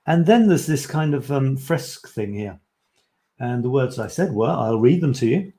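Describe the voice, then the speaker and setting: A man's voice: medium pitch, expressive, normal speed, warm tone. Chatty middle-aged man hosting a live stream. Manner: chatty and self-mocking, rambling asides, repeats phrases playfully. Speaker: host of a live writing show. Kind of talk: casual live-stream chat, reading his own short pieces aloud.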